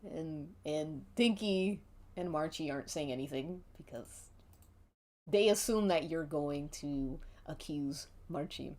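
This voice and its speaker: A woman's voice: low voice, a little mellow. A woman streamer narrating a tabletop game as game master, giggly and playful. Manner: giggly, playful, slow-paced.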